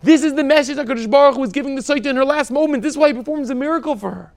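A man giving an impassioned sermon as a rabbi, moving between soft and forceful delivery. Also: extremely high pitch, racing, vocal fry.

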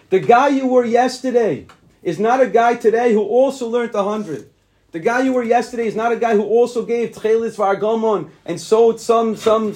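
A man with a notably high voice gives a Torah lecture as a yeshiva rabbi, mixing Hebrew terms into his English. He speaks emphatically, hammering each point with repetition and building to insistent peaks. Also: darkish tone.

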